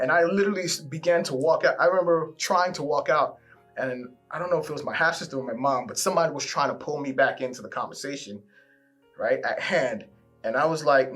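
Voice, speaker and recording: A man in his forties telling his side of a love story in a candid, casual way, repeating words when he gets animated. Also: a little high, fairly quick, faint music behind. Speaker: guest sharing a love story.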